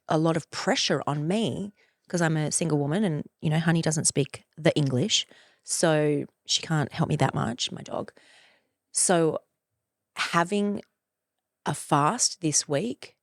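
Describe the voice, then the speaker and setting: A woman in her forties hosting a podcast, talking in a loose, effusive monologue, swearing freely and leaping up in pitch for playful emphasis. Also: moderate pace, no echo, studio quality. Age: 40s. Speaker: podcast host. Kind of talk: casual monologue.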